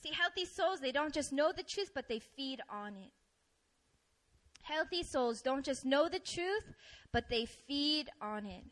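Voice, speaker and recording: A young adult woman giving a sermon, telling stories and acting out her own complaints in an animated way. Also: high voice, measured pace, low-quality recording. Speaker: preacher.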